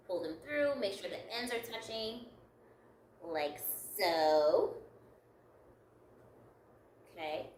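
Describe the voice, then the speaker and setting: A woman's voice: fairly low pitch, roomy sound, far from the mic, slight background noise, poor audio. A woman leading a step-by-step craft tutorial, upbeat and encouraging, laughing lightly at her own slips. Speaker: craft instructor.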